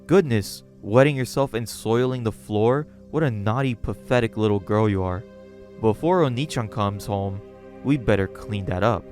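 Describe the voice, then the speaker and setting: A man's voice: fairly low pitch, normal speed, a little mellow, lightly acted. Brief: creepy obsessive gothic girl, sugary menace, a man reading her lines, faint music under. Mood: sweetly menacing. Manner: sweetly menacing, scolding.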